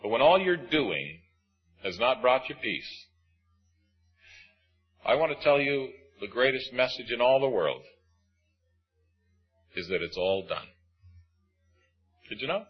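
A man preaching a sermon, emphatic and swinging between loud and hushed. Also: medium pitch, very animated, slow pace, long pauses, husky, highs cut off, soft background music.

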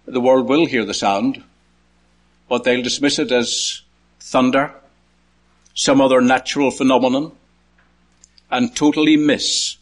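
A man preaching a sermon, counting points through a passage, lifting his voice high to call out quoted words and dropping low for quiet asides.

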